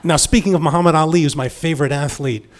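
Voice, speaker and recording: A man in his sixties from Long Island telling a personal story in a wry, intimate manner, moving from hushed lines to emphatic ones. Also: a little high, fairly even intonation, fast talker, some chatter behind. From Long Island, New York.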